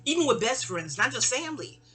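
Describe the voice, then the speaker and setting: Animated middle-aged New woman storyteller. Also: brisk. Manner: animated, digressive, acts out quoted voices with sharp pitch jumps. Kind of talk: rambling storytime monologue.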